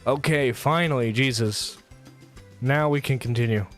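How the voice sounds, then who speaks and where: A man's voice: medium pitch, measured pace, fairly bright tone, soft background music. A man hosting a casual gaming livestream, chatty and rambling while he plays. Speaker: streamer host.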